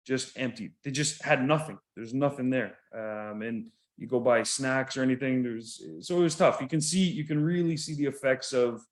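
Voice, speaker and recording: A Canadian man telling stories in easygoing podcast chat, his voice sitting at an ordinary middle pitch. He wanders from point to point, breaks into laughter often and drops the odd swear word. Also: moderate pace, few pauses. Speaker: podcast co-host. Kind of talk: casual chat.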